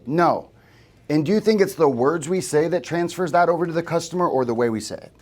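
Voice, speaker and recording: Speaking a little fast, this man has a slightly high, somewhat mellow voice and an animated delivery. He runs a live sales training for agents in a casual, chatty way, frequently putting questions to the room.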